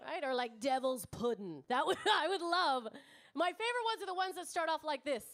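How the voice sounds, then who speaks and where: Brash thirtysomething lady doing standup, high voice bouncing all over, swears a lot. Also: expressive, fairly quick, fairly bright tone. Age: 30s. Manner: brash, crowd-teasing, swears freely. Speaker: stand-up comedian. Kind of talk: stand-up comedy set. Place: comedy club stage before a live audience.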